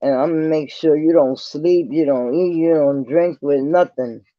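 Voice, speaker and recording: Profane, confrontational high-voiced man. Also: normal speed, dry recording. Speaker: vlogger. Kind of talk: angry rant to camera. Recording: dull lo-fi sound.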